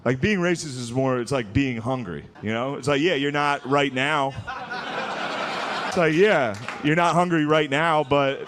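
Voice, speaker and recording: A man's voice: mid-range voice, unhurried, background noise. A man in his thirties doing stand-up comedy, laid-back and crude, mocking people and acting out characters.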